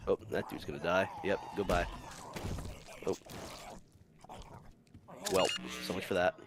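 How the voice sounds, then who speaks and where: A man's voice: low-pitched, flat delivery, measured pace, background noise. A man casually commenting while playing a video game, rambling, swearing freely and laughing often.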